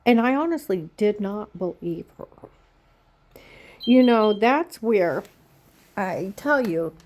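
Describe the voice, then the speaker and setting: A woman vlogging in a rambling personal monologue, telling a long story plainly and slowly and often checking in with "Okay?". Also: medium pitch, expressive, a little mellow, slight background noise.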